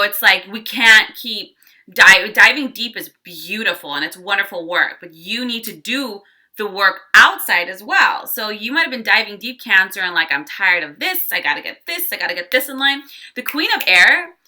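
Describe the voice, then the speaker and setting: Bright-voiced chatty woman reading tarot. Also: medium pitch. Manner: chatty, animated, acts out quoted voices. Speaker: tarot reader. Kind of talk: casual tarot forecast.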